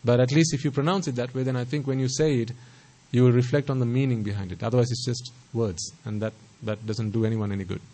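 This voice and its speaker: A man's voice: medium pitch, steady tone, fast talker, few pauses, mellow, poor audio. Male Buddhist teacher, mid-range voice, sermon delivery, rhetorical and emphatic. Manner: rhetorical questions, repeats phrases for emphasis; stresses pronunciation carefully.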